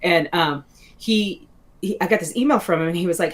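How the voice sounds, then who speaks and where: Speaking as a guest author in a casual interview, a woman in her forties tells stories in a rambling style, full of fillers, restarts, and laughter. Her voice is lowish and her delivery brisk.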